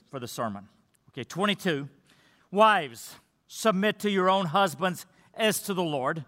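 A man delivers a sermon from the pulpit in a high, bright voice. He reads scripture and drives his points home through earnest, emphatic repetition. The sound carries the long reverb of a church hall. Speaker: pastor. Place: church sanctuary.

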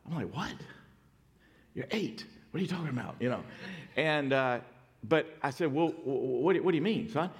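A middle-aged man preaching a sermon, telling stories and moving from hushed, quiet passages to loud, emphatic points. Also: mid-range voice, animated, fairly quick, in a large hall. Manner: storytelling, dynamic swings from hushed to loud emphatic. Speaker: pastor.

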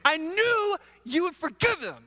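A man's voice: extremely high pitch, very animated, unhurried, sharp tone, pitched above the performer's own voice, full character voice. A man voicing an angry, sulking prophet who complains indignantly, in a sermon retelling. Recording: long hall reverb.

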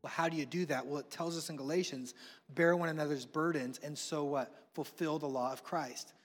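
A man, preaching a sermon with passion, swinging between hushed and loud. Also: fairly high pitch, steady tone, brisk. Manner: impassioned, swings from soft to loud. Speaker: pastor. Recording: long reverb of a large hall.

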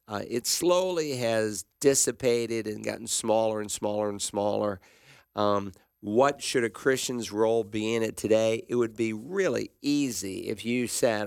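A man's voice: fairly low pitch, creaky, no echo, clean studio sound. A man hosting a Bible call-in radio show, talking in an opinionated, conversational way with frequent fillers.

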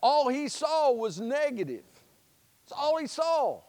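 A man preaching a sermon as pastor, telling a folksy story in an animated storytelling manner. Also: very high-pitched, takes it slowly, long reverb tail. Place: church sanctuary.

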